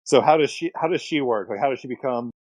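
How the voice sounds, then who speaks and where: A man's voice: mid-range voice, quick pace, a little mellow, no echo. A young man co-hosting a casual podcast chat with friends, joking and drifting off on tangents. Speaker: podcast co-host.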